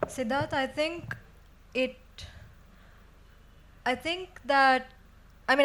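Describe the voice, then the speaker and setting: A woman's voice: fairly high pitch, a bit bright. A young woman with an Indian English accent, speaking as a poet on a festival panel, earnest and thinking aloud as she answers. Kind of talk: panel discussion. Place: festival stage.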